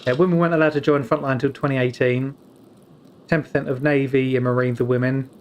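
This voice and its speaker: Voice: medium pitch, steady tone, fast talker, a little mellow. Wry British streamer with casual asides. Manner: casual, wry asides, stumbles over names. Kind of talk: playing a story game and reading its dialogue aloud, with chatty asides.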